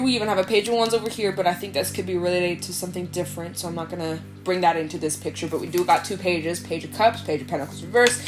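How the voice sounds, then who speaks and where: A woman reads tarot cards for her viewers in a loose, chatty way, with her pitch sitting mid-range for a woman. Soft music plays faintly underneath her voice. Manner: chatty, fillers like "y'all", laughs often. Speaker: tarot reader. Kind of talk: casual tarot reading to camera. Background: soft background music.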